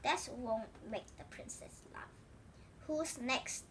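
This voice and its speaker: Brief: fussy, excitable storybook king, read by a woman, bright higher voice, exclaiming. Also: unhurried, recorded from a distance, slight background noise, full character voice. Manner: exclaiming, sometimes shouting orders.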